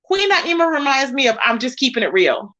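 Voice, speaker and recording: A woman hosting a casual commentary livestream, chatting about online drama, greeting viewers by name in an animated way. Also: sits high, fairly quick, lo-fi sound. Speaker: YouTube commentary host.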